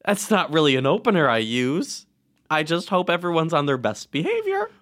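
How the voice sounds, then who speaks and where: A man co-hosting a casual chat podcast, telling stories in a sarcastic, deadpan way and often jumping into quoted voices. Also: on the high side, moderate pace. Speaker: podcast co-host.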